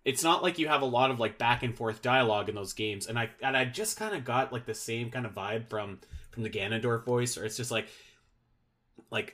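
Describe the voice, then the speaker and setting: A man's voice: mid-range voice, a little fast, pushed and bright. A man chatting casually as a podcast guest, rambling and filling his sentences with "like" and restarts. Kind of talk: casual chat.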